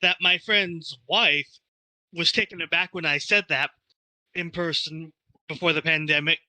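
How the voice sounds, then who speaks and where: A man's voice: fairly high pitch, fairly even intonation, a little slow, bright, forceful tone, low-quality recording. A man co-hosting a podcast, telling rambling stories in casual chat with fillers and cursing. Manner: rambling, storytelling with fillers and profanity. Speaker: podcast co-host.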